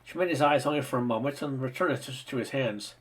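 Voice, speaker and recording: Husky male audiobook narrator. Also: mid-range voice, quick pace, poor audio. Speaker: audiobook reader.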